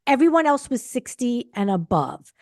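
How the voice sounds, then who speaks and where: A woman co-hosting a recap podcast, chatting casually and gushing excitedly. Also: a little high, moderate pace. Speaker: podcast co-host.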